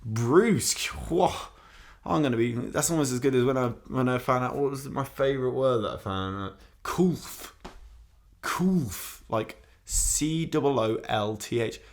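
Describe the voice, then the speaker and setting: A man with a mild Midlands English accent hosting a radio show, reading with excitable, self-mocking comic asides. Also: medium pitch, normal speed, gravelly. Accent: mildly Midlands English.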